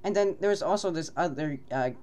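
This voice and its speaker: A man co-hosting a casual podcast, telling a rambling, animated story and laughing often. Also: a little high, a little fast. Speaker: podcast co-host.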